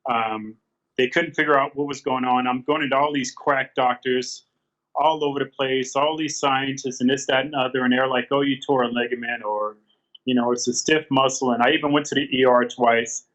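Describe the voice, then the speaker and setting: A man in his fifties tells his own story as an interview guest. He talks haltingly and circles back with fillers and restarts. The sound is dull and lo-fi. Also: medium pitch, fairly even intonation, a bit bright. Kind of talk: candid storytelling.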